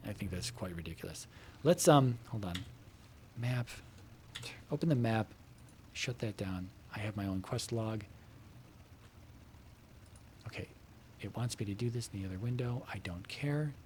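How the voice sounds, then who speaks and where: This gamer's voice is lowish, dark and expressive, at normal speed with frequent pauses, and there's slight background noise. He rambles casually to viewers from his home computer room while playing, with lots of fillers, casual swearing and asides on the game.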